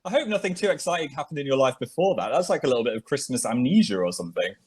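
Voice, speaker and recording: A man's voice: mid-range voice, very fast, crowd noise. A young man hosting a casual podcast chat, tasting sweets and laughing as he talks. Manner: animated, laughing, chews while talking. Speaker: podcast host.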